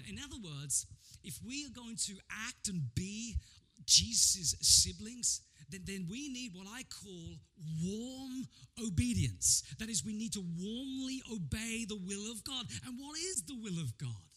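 A man preaching a sermon as pastor, telling Bible stories with animated energy and frequent stammered repeats. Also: sits high, a little slow.

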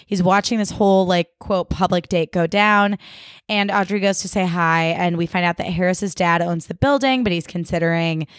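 A woman's voice: on the low side, moderate pace, smooth, no echo, studio quality. Chatty woman podcast host. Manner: chatty, lots of "like", wry asides. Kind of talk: casual TV recap chat.

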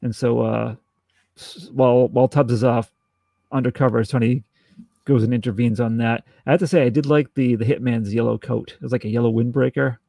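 A man co-hosting a podcast in casual chat, acting out scenes in quick little voices. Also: mid-range voice, steady tone, vocal fry, dark tone, no room sound, studio quality. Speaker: podcast co-host.

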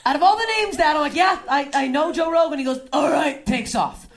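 Gravelly high-voiced woman doing stand-up. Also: fast talker, background noise. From Canada. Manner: deadpan, swinging between low mutters and loud shouts. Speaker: stand-up comic. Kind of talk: stand-up set. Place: comedy club stage.

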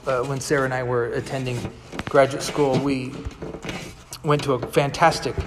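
A man's voice: medium pitch, little pitch movement, moderate pace, background noise. Man preaching in a reverberant hall. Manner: conversational storytelling, vividly acts out quoted dialogue. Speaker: pastor. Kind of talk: sermon.

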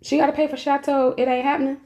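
A woman's voice: high voice, fast. Sassy woman chatting. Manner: sassy, animated, exclaiming. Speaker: podcast co-host. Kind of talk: casual chat.

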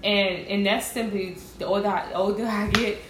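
A woman with a medium-pitched voice talks at a moderate pace in a casual chat about zodiac signs. She's animated and emphatic, often repeating words to stress them. The room is echoey, with clear background noise.

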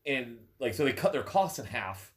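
A young man chats loosely on a podcast, explaining things with a steady stream of "like" and "um." His voice sits in an ordinary middle register. He sounds a little stuffy, as if fighting off a cold. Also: mid-range voice, moderate pace. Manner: rambling, filler-heavy explaining. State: stuffy, sneezing. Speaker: podcast co-host. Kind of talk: casual chat.

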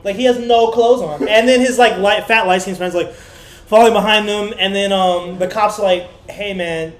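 A man co-hosts a podcast, chatting casually and spinning a rambling, profane story in which he acts out the voices of the people he quotes. His voice is high, steady and fairly bright, at normal speed, with a reverberant sound.

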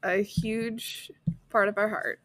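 A young woman co-hosting a podcast in casual chat, playful and teasing, with quick quips. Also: mid-range voice, level tone, fairly bright tone, dry recording. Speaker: podcast co-host.

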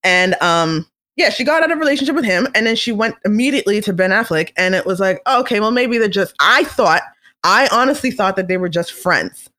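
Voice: medium pitch, lively intonation, brisk, pushed and bright. A vlogger in a casual, chatty monologue, opinionated and playful, now and then slipping into comic voices. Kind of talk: casual celebrity gossip monologue.

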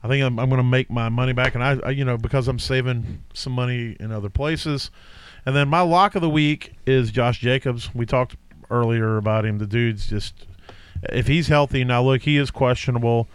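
A man's voice: medium pitch, moderate pace, clean tone, no room sound. A man co-hosting a casual fantasy football podcast, rambling with fillers and restarts. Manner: rambling, with many fillers and self-corrections. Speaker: podcast co-host.

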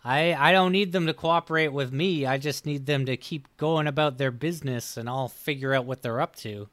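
A man's voice: medium pitch, normal speed, fairly bright tone. A man playing a tabletop game, thinking aloud with hesitant starts. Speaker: player. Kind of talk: casual tabletop game play.

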